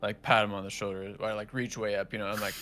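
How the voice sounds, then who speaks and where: Player, man, lowish voice, halting and unsure, faint music in the background. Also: flat delivery, sharp tone. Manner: hesitant, halting with restarts. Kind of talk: casual chat in a tabletop game.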